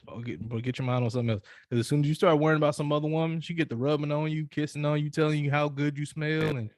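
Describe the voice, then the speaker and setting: A podcast co-host with a fairly high, steady voice talks quickly in a casual chat, recorded in clean studio quality with no room sound. He tells stories and hands out loose, profane, preachy advice, restarting his sentences again and again.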